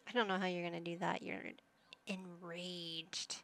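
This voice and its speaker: A woman's voice: lowish voice, flat delivery, unhurried, fairly bright tone. A young woman casually commentating a life-sim game, teasing and chatting to her characters. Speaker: gaming channel host. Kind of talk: casual let's-play commentary.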